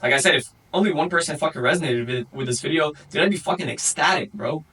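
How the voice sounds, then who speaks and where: A man's voice: fairly high pitch, quick pace, bright, forceful tone, breathy edge, recorded from a distance, poor audio. A young man hosting a podcast and giving a blunt solo motivational talk, swearing constantly and calling the listener bro. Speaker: podcast host.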